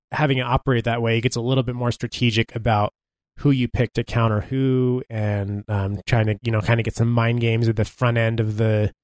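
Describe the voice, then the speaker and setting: A man's voice: medium pitch, dry recording. Wry man explaining at length, dry mic. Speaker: podcast co-host. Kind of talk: casual gaming podcast chat.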